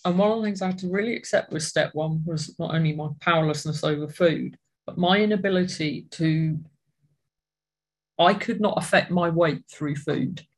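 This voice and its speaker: Reflective and earnest, an adult shares their recovery story with a support meeting, often halting and starting over. The voice is medium in pitch.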